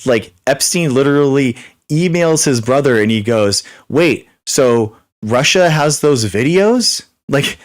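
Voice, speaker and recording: Host, male, young adult; quick, repetitive live-chat delivery, mid pitch, dry close mic. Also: no room sound. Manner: rapid, repetitive, exasperated with restarts. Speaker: livestream host. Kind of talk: live Q and A chat reading viewer comments.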